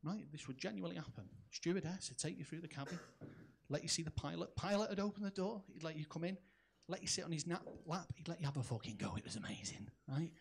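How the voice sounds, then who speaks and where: Brash high-voiced comic. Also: male voice, expressive, fast talker, gravelly, breathy edge. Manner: brash, punchy storytelling full of swearing. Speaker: stand-up comedian. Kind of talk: stand-up comedy. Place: comedy club stage.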